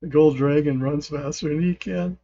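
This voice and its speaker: A man's voice: on the high side, steady tone, moderate pace, mellow, muffled recording. A man hosting a gaming channel, giving casual gameplay commentary in a rambling way, often trailing off and chuckling.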